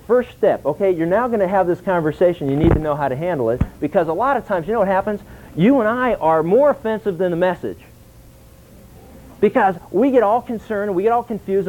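A man teaching a Bible class in an animated sermon style, acting out dialogue and asking his listeners questions. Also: sits high. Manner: animated, acts out dialogue, asks the audience questions. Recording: tinny phone-like lo-fi recording.

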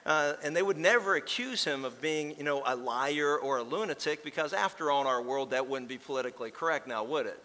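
A man's voice: a little high, a little fast, few pauses, pushed and bright. A man preaching a sermon as pastor, with folksy storytelling and emphatic repetition. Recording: long reverb in a large hall.

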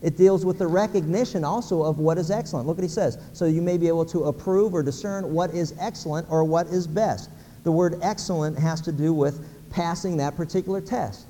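A man's voice: on the high side, fairly quick, warm tone, in a large hall. A middle-aged man from Pennsylvania preaching a sermon, folksy, acting out little everyday scenes. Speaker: pastor.

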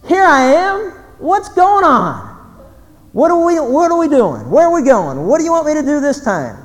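A man's voice: fairly high pitch, expressive, unhurried, dark tone. A man voicing a despairing, then eager, biblical shepherd, exclaiming and full of self-reproach. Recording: reverberant hall, faint background noise.

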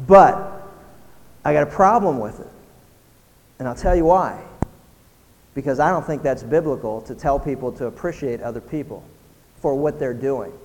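A man pastor preaching a sermon, building from quiet talk to loud shouting and firing rhetorical questions. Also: mid-range voice, moderate pace, long pauses, long reverb tail.

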